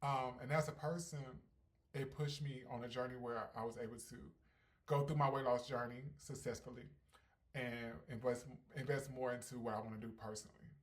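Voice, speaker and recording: A ballroom performer hosting a casual Q&A vlog, brash and sassy with heavy slang, swinging between loud hyped bursts and calm reflection. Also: mid-range voice, normal speed. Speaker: ballroom performer and channel host.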